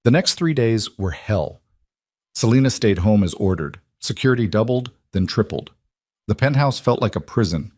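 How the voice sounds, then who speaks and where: Low-voiced man narrating an audiobook. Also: lively intonation, moderate pace, a little mellow, no echo, studio quality.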